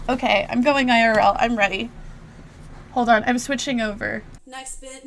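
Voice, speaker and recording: A woman's voice: on the high side, fairly even intonation, moderate pace, a bit bright, slight background noise. A woman live streamer in a heated, profane rant aimed at her chat, cutting and blunt.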